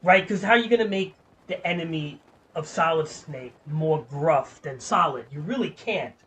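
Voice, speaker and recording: A man's voice: fairly high pitch, lively intonation, moderate pace, fairly bright tone, a little hiss or hum. A man streaming a game, chatting in a casual, rambling way, swearing freely and filling with "like". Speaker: gaming streamer.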